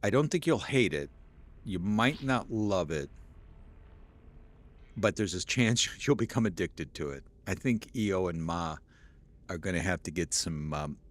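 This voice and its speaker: A young man live-streaming a game, chatting with viewers and reading chat aloud, easily excited. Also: deep voice, unhurried, long pauses.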